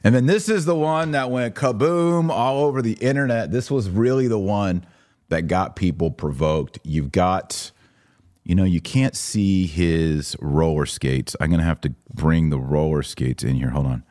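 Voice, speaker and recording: A middle-aged man hosting a podcast, walking through a series of images with wry, sarcastic commentary and quick put-on voices for the people in them. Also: low-pitched, darkish tone, no echo, clean studio sound. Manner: wry, sarcastic, acts out quoted figures. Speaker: podcast host.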